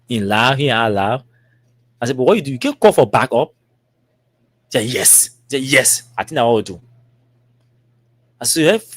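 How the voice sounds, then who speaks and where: A man's voice: mid-range voice, no echo. A man with a Liberian English accent, telling a long story and acting out the dialogue with lots of repetition. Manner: animated, acts out dialogue with repetitions. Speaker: talk show host. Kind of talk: storytelling monologue.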